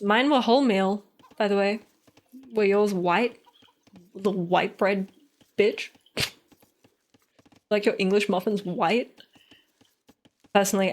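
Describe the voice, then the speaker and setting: Playful woman casting a game. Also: mid-range voice. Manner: playful, teasing, giggly. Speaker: game caster and streamer. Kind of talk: live game commentary.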